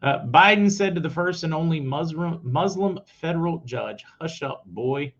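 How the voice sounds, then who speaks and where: A man's voice: a little high, expressive, moderate pace, a bit bright. A man hosting his own news commentary show, giving blunt opinions straight to his viewers. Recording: slightly dull lo-fi audio.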